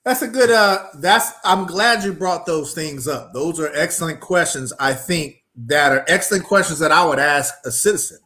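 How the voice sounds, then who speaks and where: Cohost guy, kinda high voice, halting with lots of uhs, chatty breakdown. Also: bright, forceful tone. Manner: halting, starts with "uh", repeats words. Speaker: co-host. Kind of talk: casual commentary on a video.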